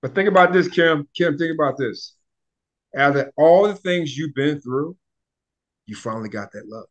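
Guy hosting a podcast, kinda high voice, encouraging, lots of yeah and mm. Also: moderate pace. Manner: encouraging, short affirmations. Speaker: podcast host. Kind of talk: supportive interview chat.

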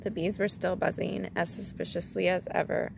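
A woman reading a children's storybook aloud in a calm, measured way. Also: fairly low pitch, creaky, noisy background.

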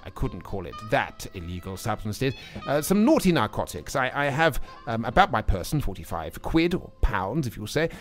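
A man's voice: mid-range voice, natural voice. An actor playing a nervous young male drama student who witters on in a put-on posh voice, stammering and hesitating. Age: young adult. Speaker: radio sketch actor.

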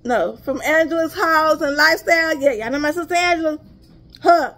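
High-voiced Southern woman chatting. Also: brisk, fairly bright tone. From Texas. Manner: chatty, addresses viewers as y'all, drifts into asides. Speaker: haul vlogger. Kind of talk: casual chat to viewers.

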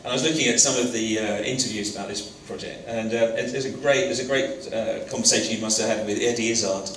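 A man's voice: medium pitch, fairly even intonation, fast talker, a bit bright, slight background noise. A man hosting an on-stage interview in a college lecture hall, talking hesitantly with many fillers and restarts. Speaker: interviewer, host of the talk. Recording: roomy hall from a distance.

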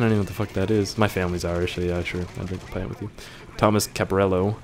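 Low-voiced young man reading viewer questions. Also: fairly even intonation, fast, darkish tone, a little hiss or hum. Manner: joking, offhand, swears casually. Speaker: YouTuber answering viewer questions. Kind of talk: casual Q&A, reading questions aloud.

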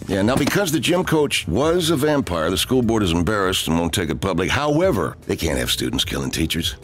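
An actor voicing a mild, regretful middle-aged school principal in a cartoon. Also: male voice, deep voice, sing-song, brisk.

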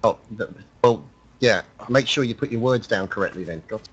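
A man leading a squad on gaming voice chat, brisk and giving quick orders. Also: lowish voice, slightly rough, lo-fi sound. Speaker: squad leader and stream host.

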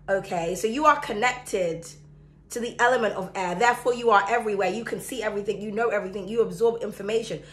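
A woman giving a chatty, excitable tarot reading to her viewers, her throat sore and coughing now and then. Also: fairly high pitch. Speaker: tarot reader. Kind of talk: casual astrology reading to camera.

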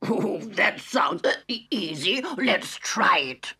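A woman voicing a nervous young male frog with hiccups, reading a storybook aloud in a halting, anxious way. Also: medium pitch, animated, sharp tone, slightly rough, full character voice. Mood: worried.

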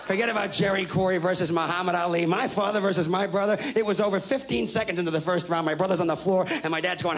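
A man in his thirties doing stand-up comedy, telling a profane story in a brash, rapid-fire way with shouted punchlines, on a live stage. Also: sits high, fairly even intonation, slight background noise.

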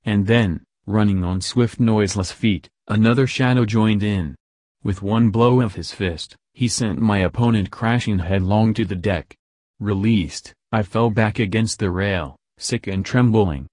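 A man with a fairly low voice narrates an audiobook from a script, telling the story in a steady, measured way. The recording is dry.

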